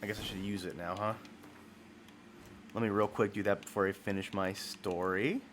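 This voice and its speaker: A man's voice: fairly low pitch, little pitch movement, moderate pace, fairly bright tone, slight background noise. A man streaming a game and telling a long story in a casual, rambling way, with many fillers and self-corrections.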